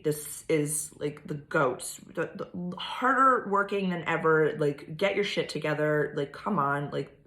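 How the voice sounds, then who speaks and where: A woman's voice: low-pitched, fairly bright tone. A woman vlogging about astrology in a casual, rambling way, full of fillers and swearing. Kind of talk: casual monologue. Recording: echoey room.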